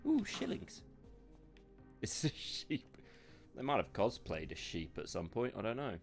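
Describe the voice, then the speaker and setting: A man's voice: on the low side, lively intonation, normal speed, faint music behind. A man giving sarcastic, sweary commentary while streaming a video game live.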